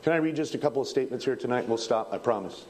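A man preaching a revival sermon in a folksy, fervent manner, rising to shouts, on an old archival recording. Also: mid-range voice, very fast, a little hiss or hum.

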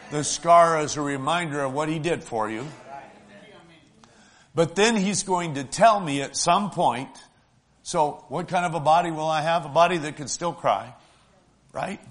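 A man preaching a sermon, talking in a folksy way to the congregation and swinging between loud, stretched-out lines and soft, hushed ones. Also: on the high side, a little slow. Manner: emotional, swells loud then drops soft; folksy, asks the congregation "right?".

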